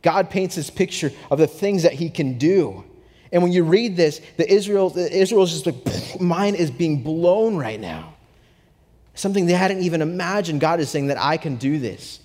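A young adult man preaching a sermon, telling a story with animated swings from hushed to excited. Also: a little high, fairly quick. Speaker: pastor. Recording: long hall reverb.

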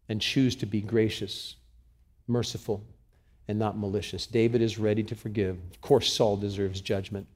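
A man's voice: medium pitch, darkish tone. A middle-aged man preaching a sermon as a pastor, reading passages aloud with dramatic emphasis and addressing the congregation directly.

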